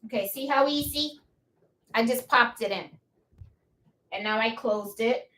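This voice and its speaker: A woman's voice: on the high side, measured pace, bright, forceful tone. A woman with a Puerto Rican accent hosting a casual live crafting tutorial, chatty and often checking in with "okay?" while she handles her tools. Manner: chatty, repeats "okay?" and "hold on"; laughs at her own fumbles while working. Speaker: crafting channel host.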